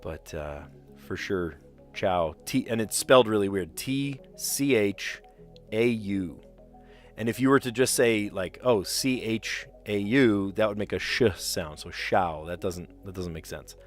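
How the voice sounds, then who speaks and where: A man's voice: on the low side, a little slow, soft background music. A man with a light New Jersey accent hosting a live stream of word puzzles, chatting casually and rambling with frequent laughs. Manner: chatty and rambling, laughs often, reads chat aloud.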